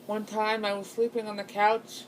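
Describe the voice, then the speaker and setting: A woman's voice: mid-range voice, monotone, moderate pace, a little hiss or hum, poor audio. A young woman telling a personal ghost story in a casual, rambling way, full of fillers and restarts. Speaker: channel host.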